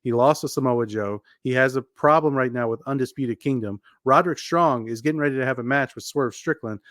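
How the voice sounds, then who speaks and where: A man co-hosting a wrestling podcast, laying out his views in a steady, measured way. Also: medium pitch, no echo, studio quality. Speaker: podcast co-host. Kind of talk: casual podcast chat.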